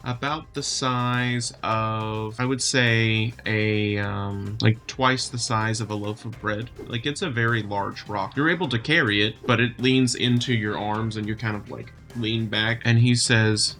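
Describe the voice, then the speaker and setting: A man running a livestreamed tabletop game as game master, telling the scene in an unhurried, gently descriptive way with small slips and restarts. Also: fairly low pitch, steady tone, soft background music.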